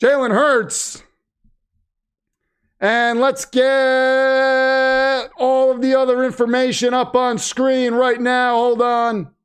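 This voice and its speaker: Excitable man hosting a live stream. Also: very high-pitched, slow pace, pauses often, smooth. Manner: excitable, breaks into wrestling-announcer shouts. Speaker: livestream host. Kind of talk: live watch-party commentary.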